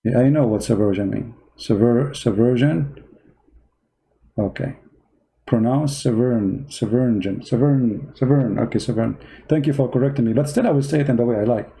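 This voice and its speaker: A man's voice: medium pitch, normal speed, creaky, warm tone, poor audio. A man with non-native English giving online commentary, arguing his point with rhetorical questions. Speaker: Christian commentator.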